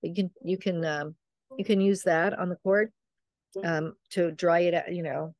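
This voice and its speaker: A woman's voice: on the low side, steady tone, measured pace, a little mellow, no echo. Older woman telling stories in a dry room. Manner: chatty, rambling, acts out quoted family members. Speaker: midwife and author, guest. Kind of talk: casual storytelling conversation.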